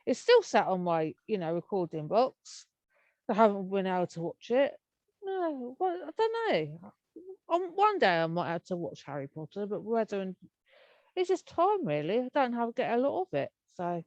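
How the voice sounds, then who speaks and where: An English woman chats as an interview guest, rambling from one thought to the next and laughing often. Her voice sits at an ordinary middle pitch. The sound is dry and close, with no room echo. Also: sing-song, normal speed, darkish tone, highs cut off. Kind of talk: casual interview chat.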